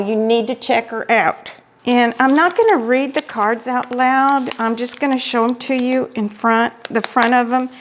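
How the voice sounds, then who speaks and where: A woman hosting a craft vlog, gushing with excitement as she opens mail from friends. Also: fairly high pitch, gravelly, a little hiss or hum. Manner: gushing, effusive exclamations. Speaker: craft vlogger host. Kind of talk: casual chat, unboxing mail.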